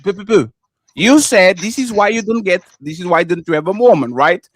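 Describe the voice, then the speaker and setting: A man's voice: sits high, moderate pace, no room sound, clean studio sound. A man with non-native English, co-hosting a live panel and arguing hard, cutting in again and again. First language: not English. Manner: combative, repeats "sir" and "stop being emotional" to cut in. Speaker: co-host. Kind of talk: heated live panel argument.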